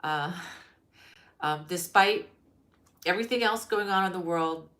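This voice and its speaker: A woman's voice: lowish voice, a little slow, fairly bright tone. A middle-aged woman hosting a crochet live stream, chatting casually and greeting viewers by name with many ums. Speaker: crochet channel host. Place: her mother-in-law's home.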